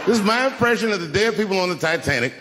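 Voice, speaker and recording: A man in his fifties performing a stand-up comedy set on a large theater stage, telling stories at a relaxed pace and leaving room for the crowd's laughter. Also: high-pitched, very fast, heavy background noise. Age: 50s. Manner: laid-back storytelling with crowd laughter breaks. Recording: reverberant hall with loud crowd.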